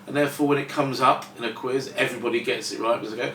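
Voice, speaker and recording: A man's voice: medium pitch, steady tone, rapid-fire, fairly bright tone, slight background noise. A British man, a professional quizzer, chatting in a dry, amused way in an interview outdoors. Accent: British English. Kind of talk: casual interview chat. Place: outdoors by the sea. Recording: roomy, distant with light ambience.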